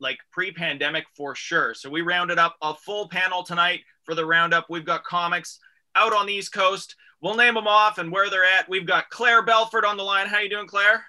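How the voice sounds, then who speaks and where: A man hosting a radio comedy show from a studio, his voice very bright and slightly high for a man. He talks in an energetic, jokey way and stretches his announcer lines out. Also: moderate pace.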